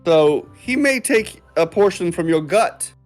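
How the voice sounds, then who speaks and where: A man's voice: sits high, measured pace, faint music behind, voice pushed up. A man playing a cocky old historian mystic. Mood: dismissive. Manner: calm, cryptic and self-assured.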